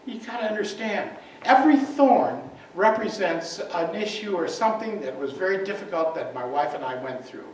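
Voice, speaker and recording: A man's voice: sits high, animated, normal speed, slight background noise. A man playing an earnest long-married husband. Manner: earnest, sincere. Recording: echoey hall, far from the mic.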